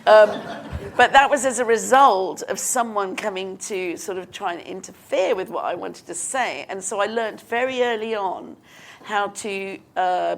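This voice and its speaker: Woman film director, fifties, lively anecdotes, gravelly voice. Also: lowish voice. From Britain. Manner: animated anecdotes, acting out quotes, laughing. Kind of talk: live onstage interview storytelling. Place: live stage before an audience.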